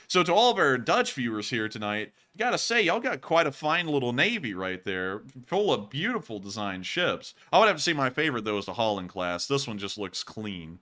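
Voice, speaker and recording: This is a man hosting a casual live show. His voice is bright and clear, and he rambles from one tangent to the next with a joking ease. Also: on the high side. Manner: chatty, rambling, joking asides. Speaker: livestream host.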